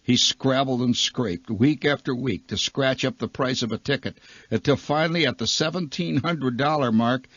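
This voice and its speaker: A man telling a comic story as a radio storyteller, animated, swinging between loud flourishes and hushed asides. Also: mid-range voice, normal speed, no echo. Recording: dull lo-fi archival radio recording.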